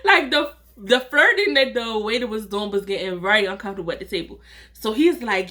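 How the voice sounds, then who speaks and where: A woman telling a personal story in a casual vlog, chatty and animated, acting out the dialogue and talking straight to her viewers. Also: a little high, brisk. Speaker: vlogger, storyteller.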